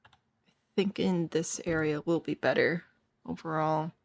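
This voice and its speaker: A woman streamer talks casually through a game session and answers her chat as she goes. Her voice is hoarse and worn out, sitting a little low and carrying a rough, gravelly fry. She sounds like she is thinking aloud. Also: fairly even intonation, measured pace. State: hoarse and tired.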